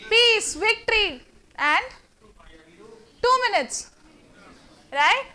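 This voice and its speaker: High, bright Indian woman trainer. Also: very slow. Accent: Indian English. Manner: energetic, theatrical, quizzes the audience. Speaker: communication trainer. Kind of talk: interactive workshop lecture. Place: classroom with a live student audience.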